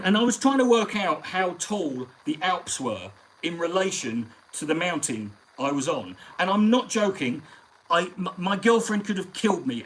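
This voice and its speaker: A man's voice: sits high, fairly bright tone, low-quality recording. A man hosting a live stream, telling long, profane, rambling stories in casual chat.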